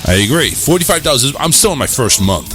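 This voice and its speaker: A man hosting a casual live-streamed talk show, blunt and quick to swear when irritated, speaking into a new microphone. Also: medium pitch, very animated, pushed and bright, soft background music.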